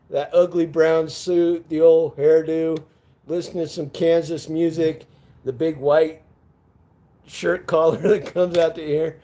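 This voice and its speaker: A man's voice: a little high, warm tone. A man chatting casually with viewers on a live stream from home, rambling, laughing and cursing as he goes.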